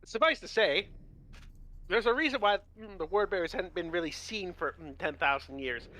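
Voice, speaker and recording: Man, high voice, bouncy delivery, casual profane lore chat. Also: moderate pace. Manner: animated, profane, acts out quotes. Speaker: lore presenter on a miniature painting show. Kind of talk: casual lore storytelling with friends.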